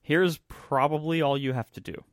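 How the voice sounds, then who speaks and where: A man's voice: on the high side, normal speed, no echo, studio quality. A man co-hosting a podcast, talking matter-of-factly with wry, laughing asides. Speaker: podcast co-host. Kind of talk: casual podcast chat.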